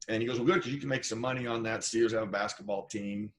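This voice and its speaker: A middle-aged man from Idaho, a former football player telling stories from his career as an interview guest, animated and acting out the people he quotes. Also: fairly low pitch, fast talker. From Idaho, USA. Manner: animated storyteller, acts out quoted voices. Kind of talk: casual storytelling interview.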